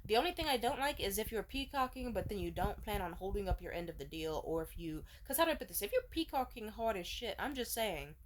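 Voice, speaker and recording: A woman's voice: mid-range voice, expressive, quick pace, few pauses. A young woman vlogger telling a dating story, blunt and profane, with sarcastic laughing asides. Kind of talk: casual storytime rant.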